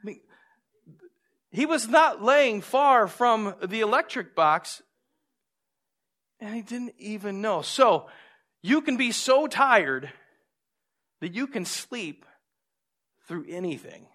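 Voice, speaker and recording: A man preaching a sermon, telling stories with lively, acted-out moments and drawing lessons from scripture. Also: sits high, slow pace, long pauses. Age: adult with a young son. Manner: animated storytelling, acts out scenes. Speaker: pastor.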